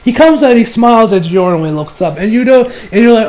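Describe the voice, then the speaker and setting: A man's voice: extremely high pitch, expressive, fast, hardly any pauses, darkish tone, low-quality recording. A young man giving a casual, rambling anime review, full of slang and frequent laughter.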